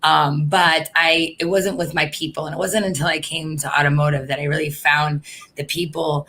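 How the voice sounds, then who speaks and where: A woman's voice: low voice, little pitch movement, moderate pace, a bit bright. A woman hosting a casual interview, talking in an informal, candid way with frequent fillers. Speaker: interview host.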